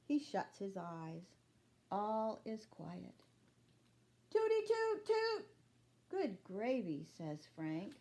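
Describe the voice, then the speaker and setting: A woman teacher reading a chapter book aloud to children, slow and clear, pausing to ask young listeners questions. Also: medium pitch, a little mellow.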